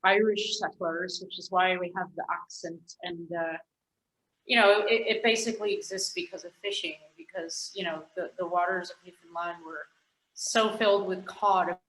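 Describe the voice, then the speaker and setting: A woman's voice: lowish voice, steady tone, moderate pace, fairly bright tone, reverberant, poor audio. A Canadian woman, a scientist guest, chatting frankly and rambling on a podcast, swearing casually now and then.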